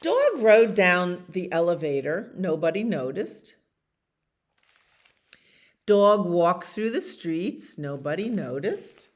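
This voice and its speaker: A woman librarian reading a bedtime picture book aloud. Her voice is on the low side for a woman, yet swings widely as she acts out the story. She takes an unhurried pace. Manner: animated, expressive. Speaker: children's librarian.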